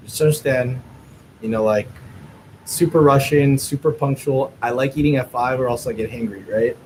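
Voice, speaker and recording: A man guest telling a lively, rambling anecdote in a casual chat, full of fillers. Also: mid-range voice, moderate pace, background noise.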